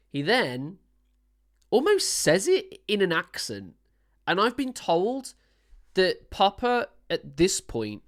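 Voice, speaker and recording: A man who is a singer-songwriter, giving casual, enthusiastic commentary while reacting to a song, rambling with many restarts. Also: on the high side. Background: song playing faintly.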